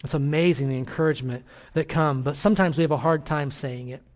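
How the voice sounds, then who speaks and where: With a fairly high pitch and a quick pace, a male senior pastor delivers a sermon to a church congregation. He earnestly tells stories and exhorts his listeners with emphasis.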